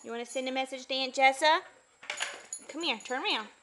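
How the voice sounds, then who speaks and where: A woman's voice: high voice, fairly quick, sharp tone, a little hiss or hum. A woman filming at home, coaxing her baby and dog in sing-song baby talk. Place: home living room. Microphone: handheld camera.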